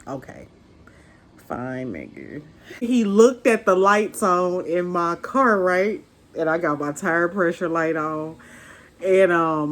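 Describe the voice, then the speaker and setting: A young woman vlogger casually recounting a date in an animated, slangy way, laughing as she tells it. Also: lowish voice. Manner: animated, slangy, laughs while telling the story. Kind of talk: casual storytime chat.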